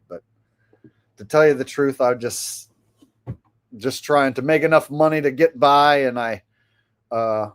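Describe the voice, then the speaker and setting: A man's voice: mid-range voice, no room sound, clean studio sound. A man hosting his own channel, answering viewer comments in a rambling, hesitant casual chat. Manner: rambling and hesitant, many fillers. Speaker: host.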